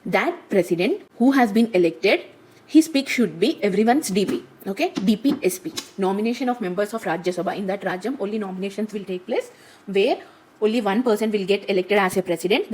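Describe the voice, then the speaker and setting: A woman teaching a study lesson full of memory tricks. She repeats each point several times and keeps checking in with short "okay?" and "right?" tags. Her voice sits at an ordinary middle pitch. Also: a little mellow, slightly rough, rough recording.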